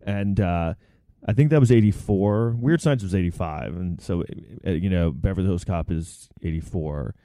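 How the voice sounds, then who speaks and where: A man hosting a podcast, telling stories in casual chat with rambling, animated delivery. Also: low-pitched, normal speed, no echo, studio quality. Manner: rambling, animated storytelling with quoted voices.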